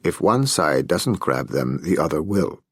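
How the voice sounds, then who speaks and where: A man reading an audiobook voices a weary, melancholy Soviet intelligence officer who speaks in a calm, measured, wry way. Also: very deep voice, breathy edge, no echo, studio quality, heavily acted.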